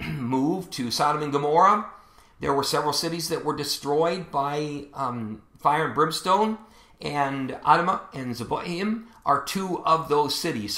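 A pastor preaches a sermon in a fairly high, sharp-toned voice with a roomy sound. He explains scripture with some fillers and restarts, reading verses aloud with rising emphasis.

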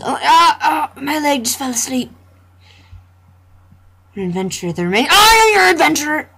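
A woman's voice: a little high, very animated, measured pace, a bit bright, slightly rough. A young woman playfully commentating a computer game, joking and reading the dialogue aloud. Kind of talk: gameplay commentary.

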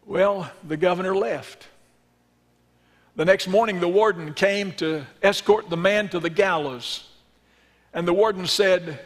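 A male pastor preaching a sermon and leading a closing prayer in a church, earnest in his storytelling and hushed in prayer. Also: high-pitched, measured pace. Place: church sanctuary. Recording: long reverb in a church sanctuary.

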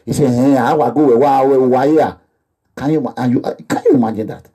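A man's voice: medium pitch, fairly quick, warm tone, slightly rough. A man with a Nigerian accent delivering an impassioned, repetitive monologue that slips into pidgin phrases. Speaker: activist vlogger. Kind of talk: animated monologue.

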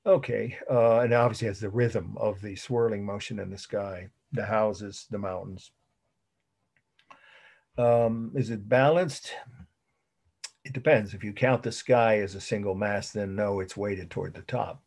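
A man's voice: on the low side, steady tone, measured pace, gravelly, a little mellow, slightly rough. A middle-aged man giving a conversational art history lecture, often repeating words and chuckling at his own asides. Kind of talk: classroom lecture.

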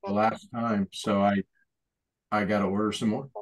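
A man's voice: lowish voice, level tone, moderate pace. A man chatting casually on a video call while painting, rambling and correcting himself. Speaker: artist painting during a group session.

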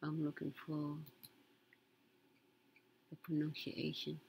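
Low husky woman chatting casually. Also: completely flat delivery, slow pace, darkish tone, rough recording. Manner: chatty, muttering to herself, reads aloud with emphasis. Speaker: content creator reading news. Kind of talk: casual commentary while browsing.

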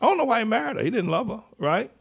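A man's voice: very high voice, very animated, very fast, vocal fry, breathy edge. An older man hosting a talk show, delivering rambling, mocking political commentary that trails off and restarts mid-sentence. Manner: mocking, sardonic. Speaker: radio show host.

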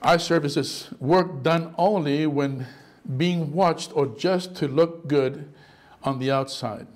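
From the pulpit, a middle-aged pastor with a high voice takes his sermon slowly, yet stays animated, exclaiming his points and sliding into quoted voices.

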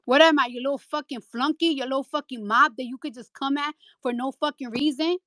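A woman's voice: high voice, steady tone, fairly quick, fairly bright tone, dry recording. A woman delivering a heated, profane rant on a live audio chat, repeating lines for emphasis into a phone mic. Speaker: rapper hosting a live audio chat room. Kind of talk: angry live-stream rant.

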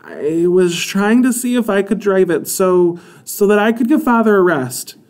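A man's voice: high voice, lively intonation, normal speed, darkish tone, voice pushed up. A man reading a storybook aloud, voicing a young girl who apologizes hesitantly, close to tears. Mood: apologetic. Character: remorseful young village girl.

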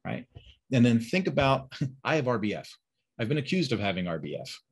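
Husky-voiced man coaching. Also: medium pitch, sing-song, a little fast. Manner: direct, coaching, asks rhetorical questions; acts out phone calls in quoted voices. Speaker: sales and service trainer. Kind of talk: webinar instruction.

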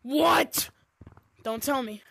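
A woman giving excited gameplay commentary, gushing and squealing, with "oh my gosh" and "dude" constantly. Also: high-pitched, extremely slow, gravelly, very noisy. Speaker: gaming video creator.

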